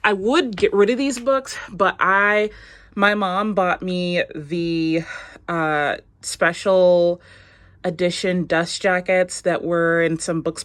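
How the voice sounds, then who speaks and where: Chatty woman rambling about her books. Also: fairly low pitch. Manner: rambling, chatty, with frequent fillers. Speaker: book vlogger. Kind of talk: casual chat.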